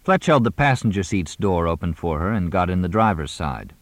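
A man narrating an audiobook with an expressive reading. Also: deep voice, brisk, no echo. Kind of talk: scripted narration.

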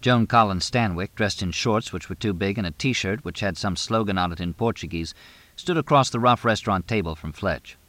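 Low, dry-sounding man narrating a novel at a steady, measured pace. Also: no echo. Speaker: audiobook narrator. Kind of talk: scripted narration.

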